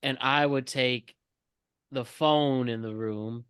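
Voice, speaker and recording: A man's voice: medium pitch, fairly even intonation, slow, a bit bright, clear, resonant tone, no room sound, studio quality. A man co-hosting a podcast in casual chat, teasing and laughing often. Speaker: podcast co-host.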